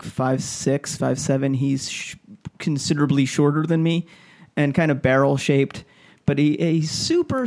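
A man's voice: medium pitch, darkish tone. A man telling a story on a podcast in casual chat, rambling with many fillers and restarts.

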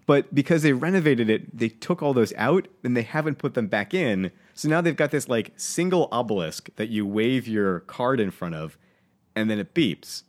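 A man co-hosting a casual podcast, telling an annoyed story with lots of swearing and lively venting. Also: medium pitch, moderate pace. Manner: animated, swears, worked up while telling a story. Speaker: podcast co-host.

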